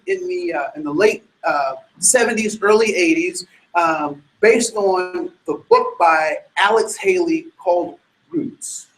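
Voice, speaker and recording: A man giving an animated, emphatic sermon-like talk to an audience, full of rhetorical questions and restarts. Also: sits high, reverberant, slight background noise, low-quality recording. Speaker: speaker addressing an audience.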